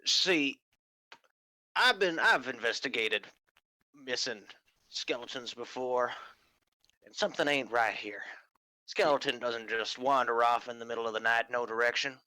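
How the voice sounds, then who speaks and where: A man voicing a gruff, cigar-smoking male fox investigator who talks tough and slangy. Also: mid-range voice, a little slow, pauses often, sharp tone, no echo, poor audio. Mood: pressing. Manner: tough-talking, slangy and drawling.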